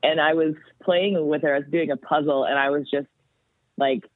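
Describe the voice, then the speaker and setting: A woman guest on a podcast, chatting casually and telling stories in an animated way. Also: low-pitched, moderate pace, no room sound. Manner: animated storytelling. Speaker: guest, metal vocalist. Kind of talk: casual chat. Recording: tinny phone-like sound, dry.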